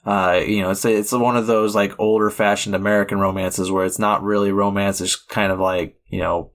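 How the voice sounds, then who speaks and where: Speaking at normal speed with a fairly low pitch and flat delivery, a man co-hosts a podcast about films. He chats casually and rambles, using lots of fillers and frequent restarts.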